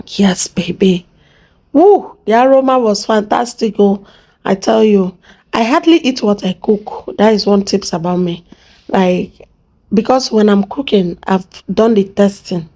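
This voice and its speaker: A woman's voice: medium pitch, a little slow, warm tone. A Nigerian woman hosting a casual cooking vlog, playful and chatty, talking to her viewers and to the pot as she cooks. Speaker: cooking channel host.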